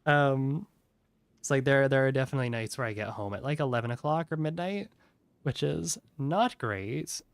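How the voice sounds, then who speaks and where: A man's voice: mid-range voice, fairly quick, vocal fry, dry recording. A tired man chatting casually while streaming a game, yawning often and rambling with lots of "like". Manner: rambling, heavy use of "like". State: sleepy, yawning.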